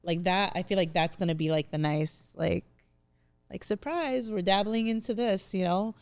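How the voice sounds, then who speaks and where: A woman's voice: mid-range voice, moderate pace, clear, resonant tone, dry recording. Chatty young woman comedian. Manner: chatty, emotional, laughs through tears. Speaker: comedian, interview guest. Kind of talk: casual interview chat.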